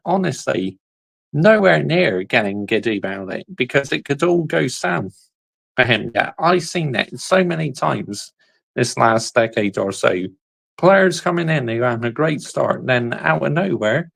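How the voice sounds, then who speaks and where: A man hosting a football video channel, reacting to clips in casual, animated commentary with frequent exclamations and laughs. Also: mid-range voice, vocal fry, no room sound, rough recording. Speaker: YouTube football channel host.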